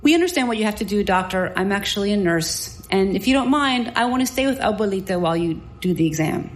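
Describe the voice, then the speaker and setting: A woman voicing a calm, gentle young male nurse, the patient's grandson, in a soft, measured way in a spoken story. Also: mid-range voice, close to an everyday voice.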